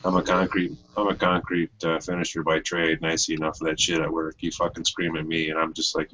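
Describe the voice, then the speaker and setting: A man's voice: a bass voice, monotone, fast, hardly any pauses, sharp tone, a little hiss or hum. A man on a casual panel talking tough and blunt, with plenty of profanity. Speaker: panel guest, concrete finisher. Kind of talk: casual chat. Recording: muffled lo-fi audio with faint room ambience.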